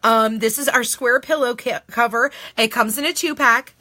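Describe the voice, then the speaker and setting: A woman's voice: a little high, normal speed, bright, forceful tone, dry recording. Gushing woman on a live craft stream. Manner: gushing, greets viewers by name. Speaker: craft product seller hosting a live video. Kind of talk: live product showcase chat. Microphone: phone.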